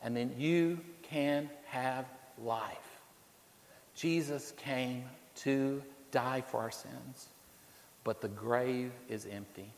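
A male preacher giving a sermon, shifting between quiet pleas and rising storytelling, sometimes repeating words as he searches for the phrase. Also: medium pitch, drawn-out words. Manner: builds to loud storytelling, then drops quiet. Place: church sanctuary. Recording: long hall reverb.

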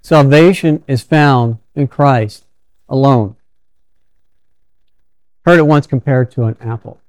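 Male preacher, mid pitch, smooth clear voice, dry close sound, casual storytelling sermon delivery. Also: slow, darkish tone, dry recording. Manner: conversational storytelling with frequent restarts.

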